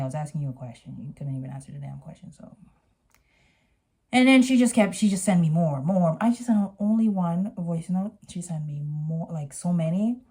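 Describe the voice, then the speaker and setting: A woman's voice: on the low side, darkish tone. A young adult woman vlogger telling a storytime with a sassy, exasperated edge.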